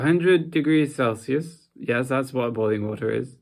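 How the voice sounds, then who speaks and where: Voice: mid-range voice, moderate pace, hardly any pauses. A sleep-deprived young adult vlogger talking in a casual, rambling way, mumbling at times and then perking up in sudden bursts.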